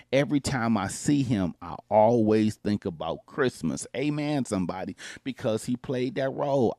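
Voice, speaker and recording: Mellow-voiced pastor preaching to his viewers. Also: mid-range voice, dry recording, studio quality. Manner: preacher-style call and response. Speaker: pastor and show host. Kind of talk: motivational talk.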